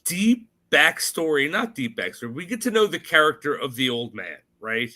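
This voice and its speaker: A man co-hosting a casual movie podcast, animated and quick to laugh. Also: medium pitch. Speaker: podcast co-host.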